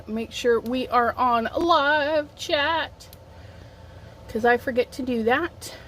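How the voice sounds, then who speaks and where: A woman's voice: high-pitched, slow, a bit bright, slight background noise. A middle-aged woman hosting a casual craft livestream from home on her phone, chatting while she sets up and reading out viewer comments, a bit sniffly from allergies. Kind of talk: casual live-stream chat.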